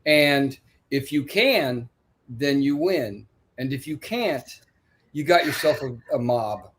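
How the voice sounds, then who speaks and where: A man comedian on a panel, making his point with punchy, drawn-out emphasis. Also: mid-range voice, lively intonation. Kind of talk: casual panel discussion.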